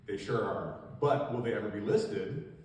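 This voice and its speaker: Guy giving a casual lecture, lots of ums, kinda low voice, far off mic in a big echoey hall. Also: animated, normal speed, darkish tone. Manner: casual, rambling, joking, many fillers. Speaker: invasive species educator. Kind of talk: public educational talk. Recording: echoey hall, distant mic, faint room noise.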